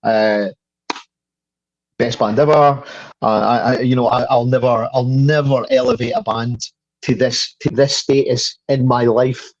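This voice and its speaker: In a casual interview, a Scottish guest in his fifties recounts a tale full of stammered restarts and the odd curse. He speaks in a steady, medium-pitched voice at a measured pace, recorded without echo and with the highs cut off.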